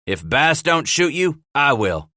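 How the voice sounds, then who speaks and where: A hard-bitten trapper captain, played by an audiobook reader, barking blunt orders in a raised, bright voice. He is gruff and steady in command. Close, dry sound. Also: on the high side, a little slow, dry recording, voice pushed up, exaggerated voice. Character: commanding male trapper brigade leader.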